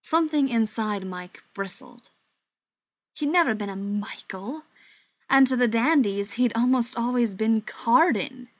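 A woman reading audiobook narration in an even, measured way. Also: a little high, no room sound. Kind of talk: scripted narration.

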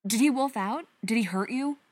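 A woman reading the part of an awkward, sarcastic young woman who babbles rapidly when flustered. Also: a little high, darkish tone, dry recording, voice pushed up, natural voice. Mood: worried.

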